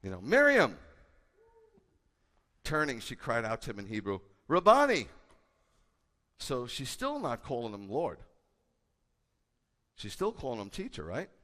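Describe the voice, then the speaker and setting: Man, rabbi preaching, animated, emphatic loud peaks, long hall reverb. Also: medium pitch, moderate pace. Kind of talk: sermon.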